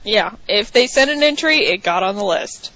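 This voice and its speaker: A woman's voice: mid-range voice, expressive, moderate pace, sharp tone, no room sound, dull audio. A woman from the American South co-hosting a podcast, reading listener captions aloud in a mock-dramatic way. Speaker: podcast co-host.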